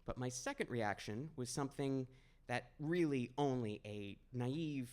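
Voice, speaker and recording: A young man from Maine tells a true story on a small stage, in an easy, conversational way with a wry, self-deprecating edge. His voice sits at an ordinary middle pitch. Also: unhurried, a little mellow. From Maine, USA. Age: 20s. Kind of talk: live personal storytelling.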